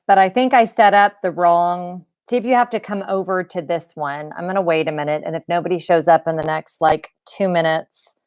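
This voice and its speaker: A woman's voice: lowish voice, no echo, clean studio sound. A middle-aged woman hosting a casual live stream from home, bubbly and chatty as she greets viewers by name. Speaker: YouTube live stream host.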